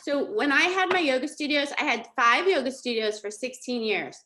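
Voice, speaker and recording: A middle-aged woman coaching a group over a video call, with a bright, forceful voice set a little high. She talks with lively energy and keeps checking in with "okay?" and "right?" as she teaches. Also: moderate pace. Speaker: life coach. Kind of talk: live coaching session.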